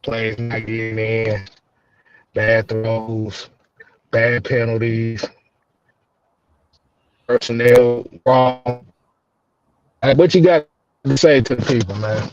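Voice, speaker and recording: A man's voice: medium pitch, steady tone, takes it slowly, long pauses. A man co-hosting a live sports reaction show, talking casually and laid-back. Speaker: sports podcast co-host. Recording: dull lo-fi stream audio with faint music.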